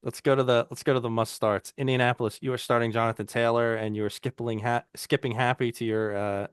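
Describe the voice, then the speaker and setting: A man co-hosting a fantasy football show, loose and conversational, often restarting his sentences. His voice sits at an ordinary middle pitch. It is recorded close and dry, with no room sound. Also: little pitch movement, fast, clear, resonant tone, no echo. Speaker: podcast co-host. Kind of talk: casual fantasy football chat.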